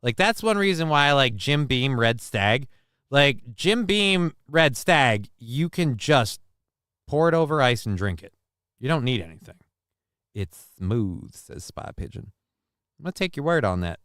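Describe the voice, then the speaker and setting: A man's voice: medium pitch, sing-song, moderate pace, a bit bright, smooth, no echo, clean studio sound. A man hosting a live talk stream, reacting to clips and reading out chat comments in a loose, profane way. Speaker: livestream talk show host.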